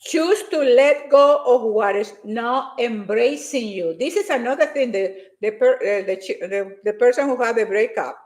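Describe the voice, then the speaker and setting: Emphatic high-voiced woman motivational speaker. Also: lively intonation, normal speed, echoey room. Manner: emphatic, repeats phrases, reads out viewer comments. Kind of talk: motivational live stream talk.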